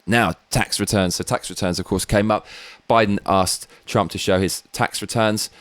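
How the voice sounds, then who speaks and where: A man's voice: on the low side, steady tone, normal speed, fairly bright tone, dry recording. A British man hosting his own show, giving blunt, sweary political commentary with rambling asides. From Britain. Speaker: show host.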